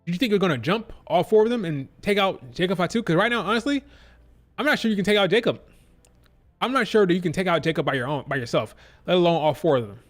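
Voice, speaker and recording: A man hosting a wrestling review stream, ranting in a blunt, exasperated way and swearing casually. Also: a little high.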